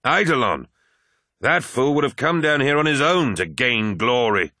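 A man's voice: fairly high pitch, moderate pace, fairly bright tone, no room sound, studio quality, voice pushed up. A man voicing an arrogant warrior commander who snarls with contempt, in an audiobook reading. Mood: scornful. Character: arrogant warrior commander, adult male, proud and scornful.

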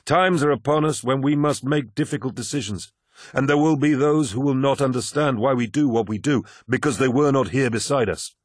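A man's voice: mid-range voice, fairly quick, dry recording, studio quality, voice pushed up, natural voice. A man voicing Horus, a commanding charismatic warlord. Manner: grand, persuasive, theatrical speech. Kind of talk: audiobook character reading.

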